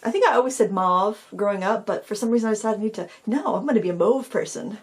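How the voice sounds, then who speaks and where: A woman's voice: medium pitch, quick pace. A middle-aged woman hosting a painting tutorial, rambling in a self-deprecating way as she talks to viewers while she works. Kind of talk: casual chatty painting tutorial.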